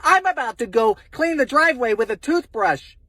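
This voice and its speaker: Husky guy doing a profane exasperated comic rant to his phone, voice swinging all over the place. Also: very high-pitched, lively intonation, moderate pace, bright, forceful tone, no echo. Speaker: comedy content creator.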